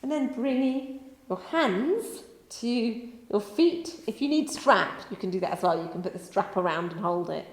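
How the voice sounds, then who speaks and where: A woman leads a gentle yoga session, talking her students through each pose in a relaxed, chatty way. Her voice sits at an ordinary middle pitch. The room is echoey, and the sound rings on with a long reverb. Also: a little slow. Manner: gentle, chatty, rambling cues. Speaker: yoga teacher. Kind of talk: guided yoga instruction.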